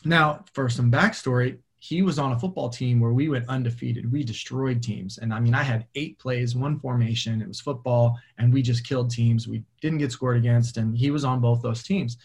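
A man in his thirties, a football coach, telling stories in an interview with lively acted-out quotes and frequent laughter. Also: medium pitch, moderate pace, hardly any pauses, slightly rough. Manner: animated, acts out quoted voices, laughs often. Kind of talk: storytelling in a podcast interview.

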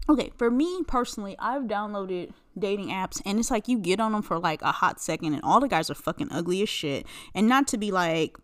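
A woman hosting a solo podcast rants in casual chat, brisk and with few pauses. She is blunt, sarcastic and animated, swearing freely, and her pitch swings widely, shooting up high whenever she sounds incredulous.

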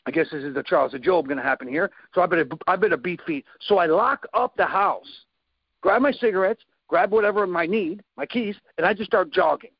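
Male storyteller, high animated voice with gravel, acts out sound effects; dry, slightly muffled recording. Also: a little fast, no echo. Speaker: guest telling a story. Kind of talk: casual storytelling.

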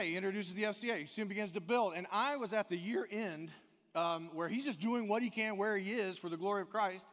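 A man from the American South preaching a sermon in a church, animated, swinging between loud emphasis and quiet intensity. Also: high-pitched. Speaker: pastor. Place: church sanctuary. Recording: long hall reverb.

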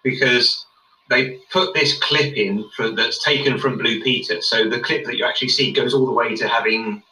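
A chatty, amused man talks on a podcast with a sharp, bright tone. He sits away from the microphone, so the sound is roomy. He laughs often. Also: mid-range voice, fairly even intonation, normal speed, recorded from a distance. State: tired late at night. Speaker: podcast co-host. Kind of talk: casual commentary chat. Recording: bright roomy sound, set back from mic.

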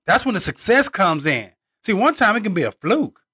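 A man hosting a motivational podcast, speaking in punchy, repeated slogans with preacher-like emphasis, swinging between loud bursts and low asides. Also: sing-song, normal speed, slightly rough. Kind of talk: motivational monologue.

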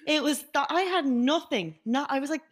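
A young woman co-hosting a podcast, chatting casually in a blunt, crude and animated way. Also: high voice, normal speed. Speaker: podcast co-host. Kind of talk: casual chat.

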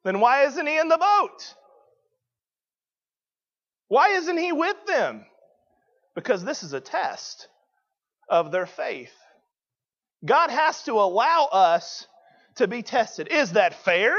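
A man's voice: very high-pitched, very animated, takes it slowly, pauses often, a bit bright, muffled recording. A man preaching a sermon, emphatic and questioning the congregation.

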